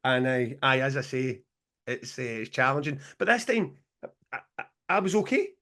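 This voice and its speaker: A man in his forties co-hosts a podcast, spinning a long and animated story in casual chat. He swears freely and breaks into laughter now and then, his voice sitting at an ordinary middle pitch. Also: normal speed. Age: 40s. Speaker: podcast co-host.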